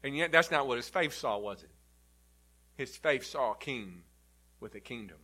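A male pastor preaching a sermon, emphatic, rising loud and then dropping to a low, quiet delivery. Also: expressive, moderate pace, long pauses, breathy edge.

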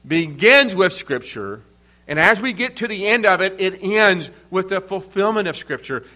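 A man preaching a sermon in an earnest, emphatic way, pausing between phrases. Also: high-pitched, sharp tone. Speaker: pastor.

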